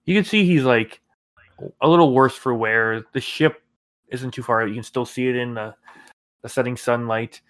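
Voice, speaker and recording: A man running a tabletop game as game master, narrating scenes in a relaxed, filler-heavy way. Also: mid-range voice, moderate pace, no room sound. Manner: relaxed storytelling with many fillers.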